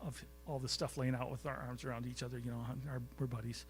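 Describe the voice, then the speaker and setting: A man's voice: medium pitch, level tone, fast talker, faint music behind. A man giving a storytelling lecture to a live audience in a college recital hall, chatty and anecdotal, often quizzing the crowd. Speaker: guest speaker.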